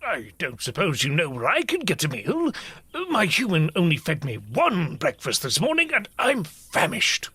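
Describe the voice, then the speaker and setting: A woman's voice: low-pitched, wildly swooping pitch, normal speed, a bit bright, slightly rough, dry recording, exaggerated voice. A woman voicing a pompous, greedy male tomcat news co-host, grand and dramatic in manner. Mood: plaintive. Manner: grandiose, dramatic, easily panicked.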